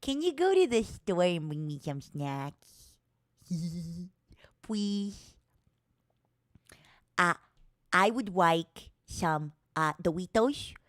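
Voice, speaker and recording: A woman streamer chatting playfully, teasing her viewers as honey and swinging between loud mock-dramatic outbursts and soft murmurs. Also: lowish voice, sing-song, very slow, pauses often, no room sound, studio quality. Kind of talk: playful solo stream chat.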